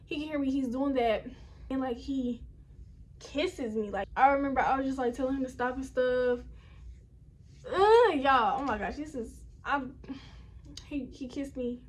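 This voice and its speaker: A woman's voice: sits high, unhurried, long pauses. A young woman telling a personal story at home in a casual, rambling way, often talking straight to her viewers. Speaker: vlogger. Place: indoors at home.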